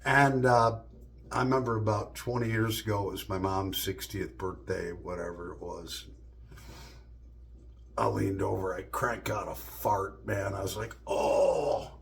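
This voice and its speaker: A man's voice: on the low side, little pitch movement, a little slow, vocal fry, a bit bright, slight background noise. Joking, profane middle-aged man telling stories. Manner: loose, profane, joking delivery. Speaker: vlogger. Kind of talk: casual storytelling monologue.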